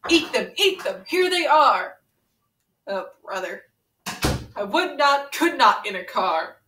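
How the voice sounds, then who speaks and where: A woman speaks slowly in a fairly high voice with big pitch swings, amid background noise. She's a brash, pun-loving young brawler in a comedic fan parody, playfully teasing and impatient while reading a picture book in a sing-song voice. A faraway camera mic records her in a roomy room.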